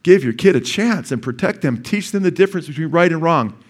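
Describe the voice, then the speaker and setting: A man's voice: a little high, expressive, brisk. A middle-aged male pastor preaching a sermon in a church, talking conversationally and asking the congregation questions.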